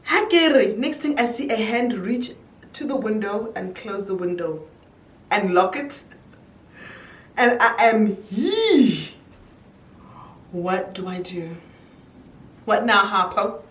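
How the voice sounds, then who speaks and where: A young woman telling a casual storytime, animated, her voice jumping high whenever she quotes someone. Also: far from the mic. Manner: animated storyteller, jumps high when quoting. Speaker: YouTuber. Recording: roomy echo, a little off-mic.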